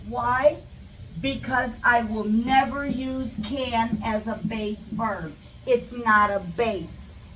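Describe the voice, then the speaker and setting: A woman teaching English to Spanish speakers in a chatty live lesson, wandering into tangents and repeating example questions, recorded with static. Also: on the high side. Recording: static, echoey, mic far off.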